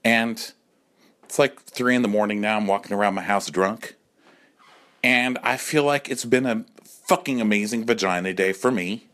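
A man's voice: on the low side, normal speed, fairly bright tone. A man in his forties delivering a campy, profane comic monologue at home, often acting out other voices. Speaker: comedy podcast host.

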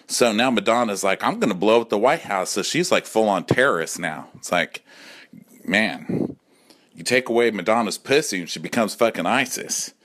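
A man's voice: on the low side, fairly bright tone. A man in his forties delivering a campy, profane comic monologue at home, often acting out other voices. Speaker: comedy podcast host.

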